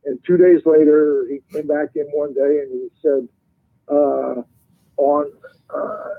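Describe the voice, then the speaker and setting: A man's voice: fairly high pitch, flat delivery, slow pace, gravelly. An older man, a guest calling in, telling long, winding stories in a casual way. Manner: long-winded storyteller. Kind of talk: casual storytelling on a call. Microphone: phone. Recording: tinny phone line.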